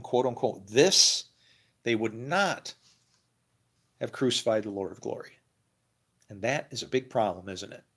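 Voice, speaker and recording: Gravelly man musing with frequent chuckles. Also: mid-range voice, a bit bright. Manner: rambling, laughs often, restarts. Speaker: religious video creator. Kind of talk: casual monologue to camera.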